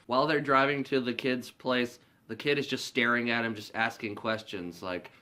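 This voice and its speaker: A man's voice: medium pitch, steady tone, normal speed, hardly any pauses, sharp tone. A man casually recapping a movie in a rambling way, swearing a lot and filling his sentences with "like". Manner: rambling, profane, heavy use of "like". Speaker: movie reviewer.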